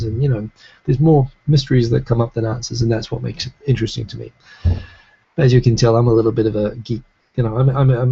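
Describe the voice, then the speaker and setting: A man's voice: mid-range voice, vocal fry, mellow, slightly rough, highs cut off. A man with a faded New Zealand accent hosting a live show, chatting casually and reading comments, rambling with lots of fillers and restarts.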